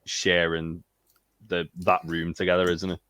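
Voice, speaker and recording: A man co-hosting a casual podcast chat, relaxed and often restarting his sentences. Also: low-pitched, a little slow, clean tone, no echo. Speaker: podcast co-host.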